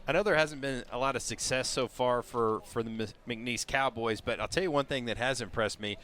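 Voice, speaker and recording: Bright-voiced man giving baseball color commentary. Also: mid-range voice, a little fast. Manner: relaxed, explanatory, many fillers. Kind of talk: live baseball analysis.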